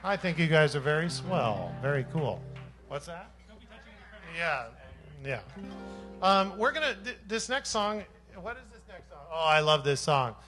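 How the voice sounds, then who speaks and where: A man's voice: a little high, big pitch swings, a little slow, pushed and bright, faint music behind. A man, a bandleader and singer, chatting on stage between songs in a joking, rambling, self-mocking way. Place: live jazz showcase stage.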